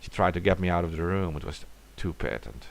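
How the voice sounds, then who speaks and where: A man's voice: sits low, animated, a little fast, vocal fry. A man reading a classic horror story aloud in a dramatic way, sometimes dropping to a whisper.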